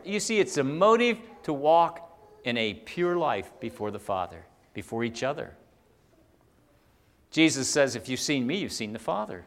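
A man delivering a sermon, rising to loud emphatic peaks and dropping to soft low asides while reading scripture. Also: very animated. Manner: reads scripture aloud, often slowing for weight. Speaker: preacher. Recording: long hall reverb.

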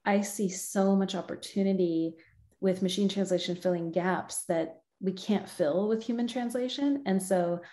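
Here the guest, a middle-aged American localization professional, has a warm, lowish voice. She responds to the interviewer with friendliness and thought, laughing a lot along the way.

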